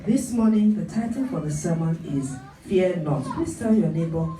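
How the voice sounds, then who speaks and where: A woman's voice: lowish voice, expressive, normal speed, noisy background. A woman pastor preaching a sermon, stressing her points by repeating them. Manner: emphatic, repeats phrases for emphasis. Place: church hall. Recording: echoey hall, picked up from a distance.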